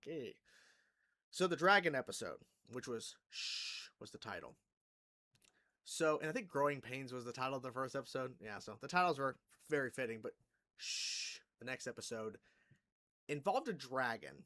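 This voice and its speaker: A man's voice: medium pitch, animated, fairly quick, pauses often, sharp tone. A man hosting a reaction channel, rambling through casual commentary on a cartoon episode. He is exasperated, swears freely and laughs between thoughts.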